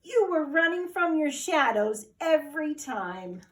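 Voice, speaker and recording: A woman voicing a calm, sensible male badger, in a lower, steady and unhurried voice. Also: distant mic.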